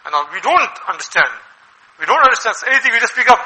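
A man preaching a sermon as an Islamic preacher, animated and full of rhetorical questions. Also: very high-pitched, fast talker, rough recording. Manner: animated, asks rhetorical questions, acts out quoted voices.

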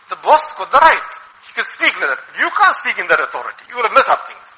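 A man preaching a sermon as an Islamic preacher, animated and full of rhetorical questions. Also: high voice, a little fast, low-quality recording. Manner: animated, asks rhetorical questions, acts out quoted voices.

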